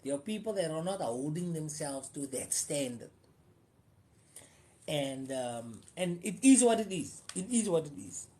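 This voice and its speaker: A woman's voice: deep voice, animated, measured pace, warm tone. A woman with a Cape Coloured South African accent hosting a casual live stream, repeating phrases for emphasis and switching between English and Afrikaans.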